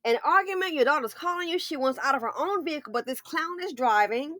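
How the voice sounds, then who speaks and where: Animated woman commenting on the news. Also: high-pitched, fast. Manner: animated, addresses viewers directly.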